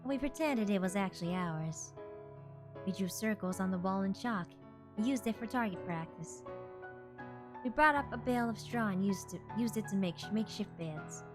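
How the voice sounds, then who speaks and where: A woman's voice: mid-range voice, moderate pace, music in the background. A woman streamer chatting casually and reading game narration aloud, laughing and playfully exasperated.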